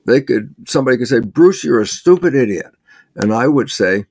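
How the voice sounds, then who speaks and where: An older man with a gravelly, mid-pitched voice talks as an interview guest. He tells stories with energy, acts out small exchanges and chuckles often. The sound is dry and close, with no room around it. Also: brisk, dry recording. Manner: animated storyteller, acts out little dialogues, chuckles often. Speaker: interview guest, biologist and author. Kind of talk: conversational explaining.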